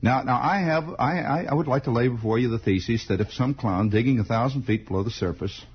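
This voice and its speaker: A man's voice: medium pitch, a little fast, slightly rough. A man hosting a late-night radio monologue, rambling, wry and sardonic. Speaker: radio host. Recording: dull 1960s radio broadcast.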